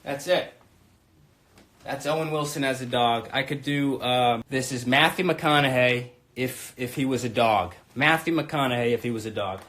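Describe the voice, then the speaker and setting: A man in his thirties hosting a comedy live stream from his room, brash, crude and rambling, swinging between shouting and muttering. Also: mid-range voice, normal speed. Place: home room.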